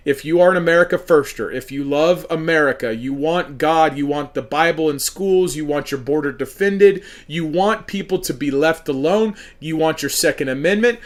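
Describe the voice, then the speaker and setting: Guy from oklahoma doing a campaign talk, repeats himself hard, kinda high voice. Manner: emphatic, repetitive, hammering points. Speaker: political candidate and show host. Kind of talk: campaign monologue.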